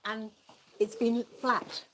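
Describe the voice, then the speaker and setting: A woman's voice: on the high side, level tone, takes it slowly, a bit bright, a little hiss or hum, low-quality recording. A woman co-hosting a live stream at an outdoor rest stop, chatting and laughing often. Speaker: co-host. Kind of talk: casual live-stream chat.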